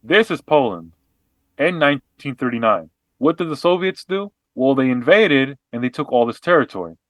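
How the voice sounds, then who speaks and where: A man co-hosting a podcast, explaining history and politics in an animated, casual way with frequent restarts and fillers. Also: mid-range voice, normal speed, no echo. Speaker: podcast co-host.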